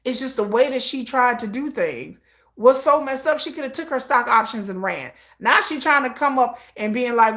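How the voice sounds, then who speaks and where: A woman hosts a livestream with a fairly high voice, giving casual commentary. She talks bluntly and with emphasis, dropping slang and profanity and laughing often. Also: expressive, moderate pace, fairly bright tone. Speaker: livestream host.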